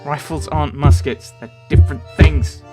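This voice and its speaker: A man's voice: on the high side, fairly even intonation, moderate pace, loud music behind the voice, voice pushed up, lightly acted. A man doing a fussy, pedantic sidekick. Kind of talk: voicing game characters in a let's play.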